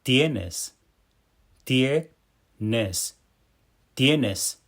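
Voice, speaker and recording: A woman speaking short model phrases slowly and deliberately for a language lesson. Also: extremely low pitch, animated. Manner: slow and deliberate. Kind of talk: slow model phrases for repetition.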